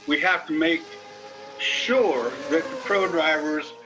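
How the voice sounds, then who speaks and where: An older man, telling racing stories in an animated, folksy way over a video call. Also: a little high, poor audio. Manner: animated, folksy storyteller, colorful cursing. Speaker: racing driver guest.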